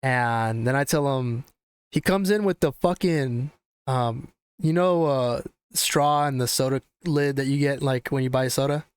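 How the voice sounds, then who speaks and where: Smooth-voiced young man telling a story. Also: mid-range voice, a little slow, no room sound, studio quality. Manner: profane, animated, rambling with restarts. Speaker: podcast host. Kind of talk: casual storytelling chat.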